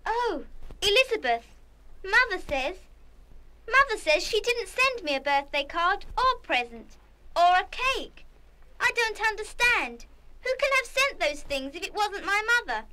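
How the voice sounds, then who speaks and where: A woman voicing a shy, tender-hearted schoolgirl who gushes softly, in 1970s radio play style. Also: very high-pitched, very animated, measured pace, exaggerated voice. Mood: bewildered. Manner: breathless, gushing delight turning to quiet hurt.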